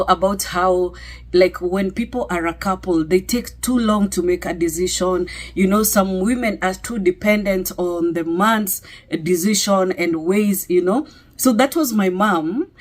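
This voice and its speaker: A middle-aged woman with a Kenyan accent sharing a personal testimony in a conversational way, full of fillers and "okay?" tags. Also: mid-range voice. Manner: conversational, many fillers and tag questions.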